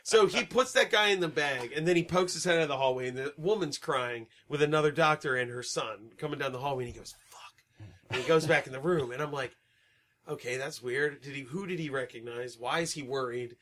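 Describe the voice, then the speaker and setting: A man co-hosting a casual podcast, retelling movie scenes and swearing a lot, bursting into shouts and laughter as he acts out the lines. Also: mid-range voice, fairly quick. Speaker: podcast co-host. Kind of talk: casual movie-recap chat.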